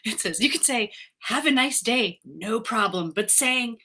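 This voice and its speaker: A woman's voice: fairly high pitch, expressive, a little slow, hardly any pauses, bright, forceful tone, husky. A woman co-hosting a casual live-stream chat, upbeat and laughing often, full of "like" and "right". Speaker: co-host.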